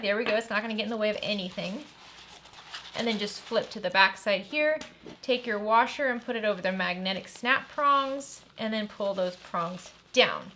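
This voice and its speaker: Bright-voiced woman teaching a sewing project. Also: mid-range voice, a little hiss or hum. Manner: upbeat and chatty, enthusing over the project. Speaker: sewing tutorial host. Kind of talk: step-by-step sewing tutorial.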